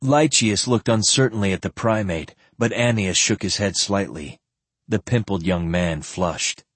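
A man narrating an audiobook in a calm, expressive, scripted way. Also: fairly low pitch, unhurried, husky, dry recording.

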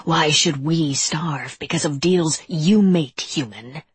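A woman voicing a snarling male monster with a rasping, whispery growl in a storybook reading. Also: low voice, slow, no room sound, exaggerated voice. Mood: bitter.

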